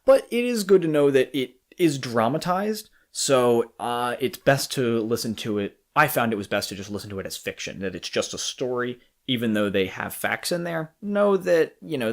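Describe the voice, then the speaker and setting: A man's voice: medium pitch, normal speed, creaky. A man co-hosting a podcast in casual chat, talking through his opinions with restarts and the odd swear word. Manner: animated, profane, talks through thoughts with restarts. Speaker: podcast co-host.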